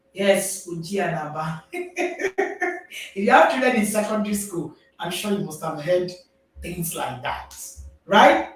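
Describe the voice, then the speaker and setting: Echoey Nigerian woman coaching parents. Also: fairly low pitch. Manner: animated, laughs often, asks the audience "right?". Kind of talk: speaking to a live audience. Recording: very echoey, distant mic.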